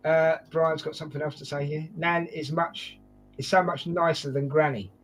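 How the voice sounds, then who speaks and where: A man's voice: a little high, fairly even intonation, normal speed, a little hiss or hum. A man hosting a casual football preview chat, joking and calling his guests mate. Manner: jokey, chatty, addresses guests as mate. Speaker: host.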